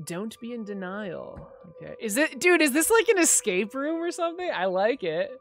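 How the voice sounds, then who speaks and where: A woman's voice: fairly high pitch, very animated, normal speed, faint music behind. A woman streamer chatting and reading game text aloud as she plays, with frequent laughs. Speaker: streamer playing a fan-made game. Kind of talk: live game commentary.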